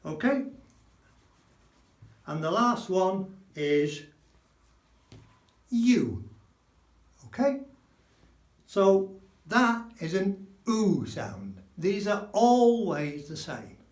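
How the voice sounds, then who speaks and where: A middle-aged man from England teaching Spanish pronunciation, slow and emphatic, repeating sounds to demonstrate them. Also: high voice, big pitch swings. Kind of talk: spoken language lesson. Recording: echoey room.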